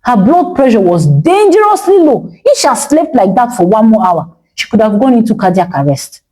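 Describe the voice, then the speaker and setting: A woman voicing a calm male doctor who explains in a steady, sober way. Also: fairly high pitch, normal speed, low-quality recording. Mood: grave.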